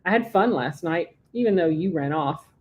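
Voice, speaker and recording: A charming grown man who flirts easily and enjoys working a room, read by a woman. His lines come out smooth and flirtatious. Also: on the low side, animated, normal speed, phone-quality sound, a little hiss or hum, lightly acted.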